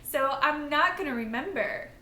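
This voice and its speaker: A woman with a high, bright voice tells her side of a marriage story candidly and plainly. Her voice rings in an echoey room. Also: animated, normal speed. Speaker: wife sharing testimony. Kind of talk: casual Christian testimony.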